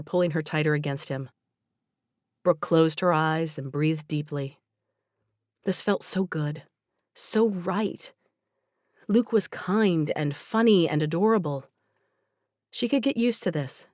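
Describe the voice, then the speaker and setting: Audiobook narrator, woman, lowish voice, gentle even delivery, dead-dry booth. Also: a little slow, pauses often, no room sound. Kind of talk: scripted narration.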